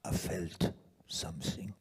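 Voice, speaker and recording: A weary, philosophical Frenchman speaks in a low, breathy near-whisper, as an older man puts him on, with a put-on French accent. He lets long pauses hang between his words. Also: lightly acted. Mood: musing.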